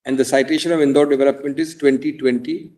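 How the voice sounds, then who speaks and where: A man with an Indian English accent arguing before a court bench, reading from judgments in a deliberate, emphatic way and repeating key words for stress. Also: mid-range voice, steady tone, warm tone. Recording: roomy courtroom audio, mic far off.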